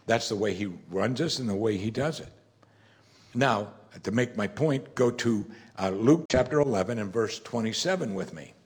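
Speaking at normal speed in a somewhat low, animated voice, this pastor gives a sermon in a relaxed, conversational way. He keeps tossing rhetorical questions at his listeners and takes on characters as he quotes scripture.

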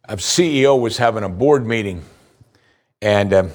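A man preaching a sermon as pastor, asking the congregation rhetorical questions, his voice rising for emphasis and slowing down on key points. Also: animated, a little mellow. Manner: rises in pitch for emphasis, slows for key points.

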